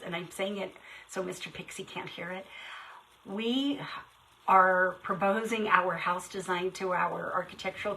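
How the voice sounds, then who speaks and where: A middle-aged woman hosting a casual live craft stream, chatty and rushed, greeting viewers by name. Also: mid-range voice, fairly bright tone, far from the mic, a little hiss or hum, rough recording. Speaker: craft shop host.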